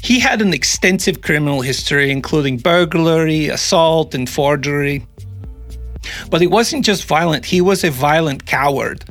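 A man's voice: fairly high pitch, a bit bright. A man hosting a casual true-crime podcast, joking and rambling, often restarting sentences. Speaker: podcast host.

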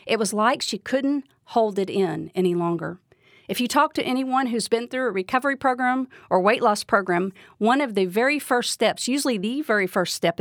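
A woman's voice: mid-range voice, no room sound, studio quality. A woman giving a devotional Bible teaching, speaking earnestly and asking the listener direct questions.

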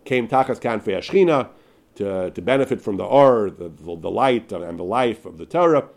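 Animated man teaching a Torah class. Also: on the low side, normal speed, gravelly. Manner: emphatic, with many restarts and repeated words. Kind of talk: Torah class, reading and explaining a text.

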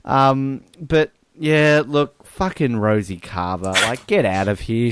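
A man's voice: medium pitch, slow pace, slight background noise. A man co-hosting a film podcast in casual chat, swearing freely and laughing as he talks. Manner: animated, swears freely and laughs mid-sentence. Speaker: podcast co-host.

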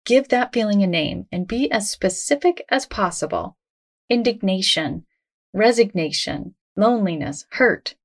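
A woman hosting a self-help podcast, talking in a gentle, reassuring, conversational way. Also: medium pitch. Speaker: podcast host.

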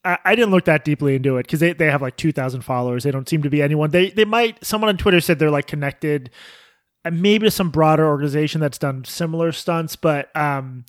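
A man's voice: on the high side, fairly quick, no room sound, studio quality. A man co-hosting a podcast in casual chat, thinking aloud with hesitations and frequent laughter. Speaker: podcast co-host.

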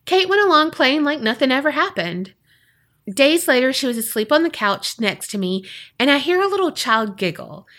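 Woman, podcast co-host, high bright voice, very lively pitch, expressive storytelling. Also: normal speed. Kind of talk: casual chat and reading a listener story aloud.

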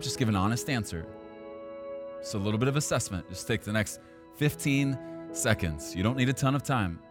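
A male pastor preaching a sermon, at times rising to loud, high-pitched intensity.

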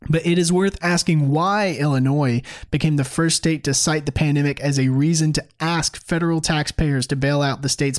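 A man hosting opinionated political commentary in a sarcastic, emphatic way. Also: a little high. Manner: sarcastic, mocking; animated, emphatic.

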